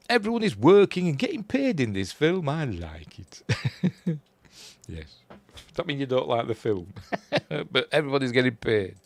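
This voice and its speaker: Yorkshire-accented male film reviewer, chatty rambler, slightly low voice, dry mic. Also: no room sound. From Yorkshire, England. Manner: rambling, chuckling, quotes characters in a raised voice. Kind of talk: casual film recap.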